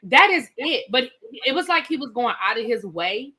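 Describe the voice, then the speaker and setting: A woman hosting a casual reality TV recap, opinionated and animated, acting out what people said. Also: on the high side, normal speed. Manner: animated, opinionated, acts out quotes. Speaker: recap show host.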